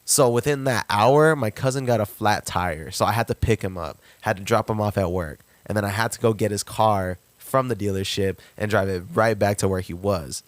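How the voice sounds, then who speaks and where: A young man telling a story on a podcast, lively, leaping up in pitch when he acts out quotes. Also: dry recording. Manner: animated, jumps pitch to act out quotes. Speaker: podcast guest, rapper. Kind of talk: casual storytelling.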